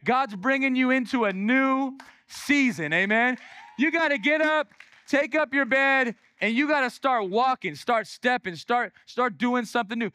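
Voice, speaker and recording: A preacher voicing Jesus as blunt and urgent, repeating forceful commands. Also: male voice, very high-pitched, measured pace, no room sound, voice pushed up, heavily acted. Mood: commanding.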